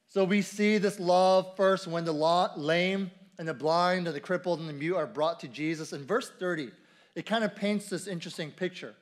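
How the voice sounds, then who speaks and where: A man's voice: sits high, normal speed. A man preaching a sermon at a church service in a conversational way, repeating key phrases and asking the congregation questions. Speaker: pastor.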